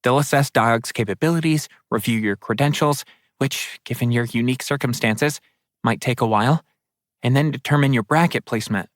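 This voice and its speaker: A man voicing an earnest, practical young woman in an audiobook, explaining things briskly. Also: medium pitch, no echo, clean studio sound, close to an everyday voice. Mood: urgent. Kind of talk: audiobook character voice.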